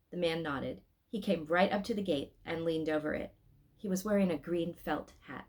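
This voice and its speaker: Lady reading a kids' story out loud, voice swings all over, chatty, laughs here and there. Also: lowish voice, moderate pace. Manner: chatty, laughs between lines, lively character voices. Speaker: children's read-aloud host.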